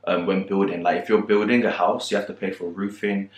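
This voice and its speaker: A young man telling a storytime vlog in an animated, laughing, slangy way. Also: low voice, a little fast. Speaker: vlogger. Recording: roomy echo.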